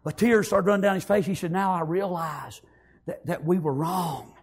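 A man preaching a sermon, fervently repeating praise and amen and rising to shouts. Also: sits high, normal speed, slightly rough.

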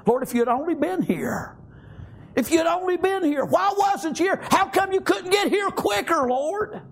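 A man's voice: very high voice, expressive, unhurried, creaky, voice pushed up, heavily acted. A male preacher voicing a grieving woman who pleads again and again with the Lord, with his voice raised and strained. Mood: anguished pleading. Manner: anguished, repetitive pleading.

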